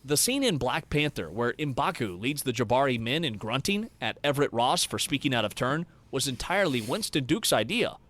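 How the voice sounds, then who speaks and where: A man giving scripted narration of movie trivia in a brisk, reading style. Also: medium pitch, sing-song, a bit bright.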